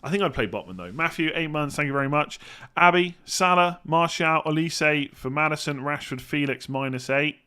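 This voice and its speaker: A man's voice: a little high, moderate pace, bright, forceful tone, smooth. An English man hosting a live stream, answering viewer questions and thinking aloud in a rambling, casual way. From England. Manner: rambling, thinks aloud, hums while reading. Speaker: fantasy football streamer.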